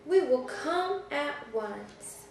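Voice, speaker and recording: A woman voicing a policeman in a picture book, slow and exaggerated. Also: high voice, expressive, a little mellow, a little hiss or hum, heavily acted. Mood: alarmed. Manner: slow, exaggerated storybook delivery. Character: male policeman calling for help. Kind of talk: reading a picture book aloud. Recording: echoey room, mic far off.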